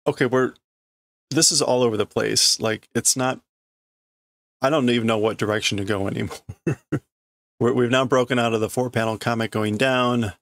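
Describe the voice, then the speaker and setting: A man reading a comic aloud on a stream, translating it line by line in a halting way as he thinks it through. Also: medium pitch, steady tone, fairly bright tone. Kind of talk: casual read-through stream.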